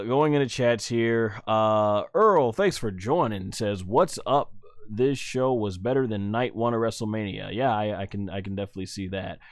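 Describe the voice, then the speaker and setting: A man's voice: on the low side, clear, resonant tone, no echo. A man hosts a live stream. He rambles with many fillers and restarts and sounds a bit flustered, talking casually to his chat. The sound is dry and close to the mic. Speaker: live stream host reviewing wrestling.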